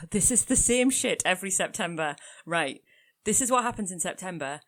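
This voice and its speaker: A woman's voice: on the low side, animated, normal speed. A young woman with a Geordie accent co-hosting a podcast, chatty and self-mocking, often laughing. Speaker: podcast co-host. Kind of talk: casual chat.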